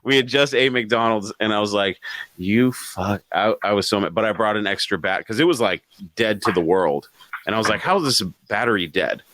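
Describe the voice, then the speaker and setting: A man co-hosting a live podcast, telling a story in an animated, profane way and chuckling between phrases. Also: lowish voice, brisk, dry recording. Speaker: podcast co-host.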